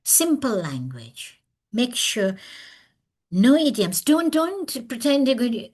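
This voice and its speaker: Speaking slowly in a sing-song manner, this woman's voice is a little high, darkish, and slightly rough. She is giving a webinar lecture via video call, earnest and emphatic, narrating her story with lots of animation. She is from overseas and now lives in South Africa.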